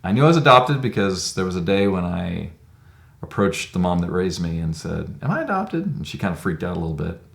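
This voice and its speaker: A man's voice: sits low, fairly quick, vocal fry, echoey room. A man in his fifties telling his life story in an interview, reflective and conversational with frequent "um"s. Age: 50s. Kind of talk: personal storytelling.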